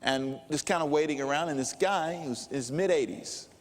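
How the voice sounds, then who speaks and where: An older male pastor preaching a sermon, telling stories slowly and dramatically. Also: a little high. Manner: slow, dramatic preaching with storytelling. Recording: long reverb of a large hall.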